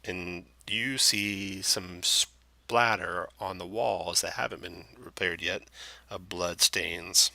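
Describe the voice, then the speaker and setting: A man narrating as dungeon master in a relaxed, meandering way, with plenty of fillers. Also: low voice, slow pace, creaky, no echo. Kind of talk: narrating a tabletop game.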